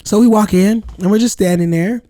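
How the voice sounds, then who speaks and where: A man's voice: sits high, a little fast, dry recording, studio quality. A man co-hosting a podcast, telling stories in casual, slangy chat full of "like" and "you know". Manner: storytelling, animated, slangy, lots of "like" and "you know". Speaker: podcast co-host.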